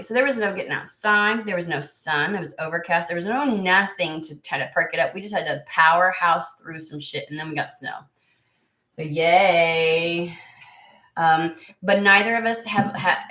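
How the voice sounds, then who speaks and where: A woman's voice: fairly low pitch, sharp tone, echoey room. A middle-aged woman hosting a casual livestream, chatting bluntly with viewers by name while still recovering from an illness that shows in her voice. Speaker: tarot channel host.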